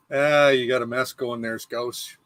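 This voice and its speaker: A man's voice: mid-range voice, fairly bright tone, dry recording. A man who is a guest on a livestream, trading teasing banter over a video call. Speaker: guest vlogger. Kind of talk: casual livestream chat.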